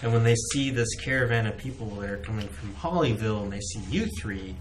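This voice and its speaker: A man's voice: lowish voice, fast. A man narrating as game master in a tabletop game, talking in a casual, joking way with lots of fillers.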